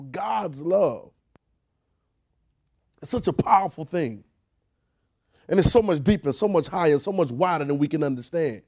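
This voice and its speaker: A man's voice: on the high side, lively intonation, moderate pace, long pauses, dark tone. A man preaching a sermon, emphatic and repetitive, asking rhetorical questions and often restarting his words. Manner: frequent word repetitions and restarts.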